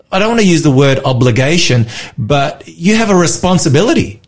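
A man co-hosting a Bible study discussion, earnest and croaky-voiced, often repeating phrases as he gathers his thoughts. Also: fairly high pitch, animated, fairly quick. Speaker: co-host.

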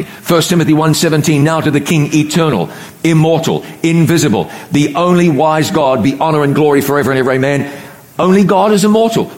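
A middle-aged man delivers a sermon in a fairly high voice. He is emphatic, drawing out and pausing on the words he wants to land. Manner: emphatic, pauses and slows on key words. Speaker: preacher.

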